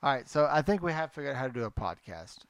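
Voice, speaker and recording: A man's voice: medium pitch, very animated, fast, no room sound. A man co-hosting a casual podcast, teasing and joking in banter. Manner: joking, puts on mock accents. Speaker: podcast co-host.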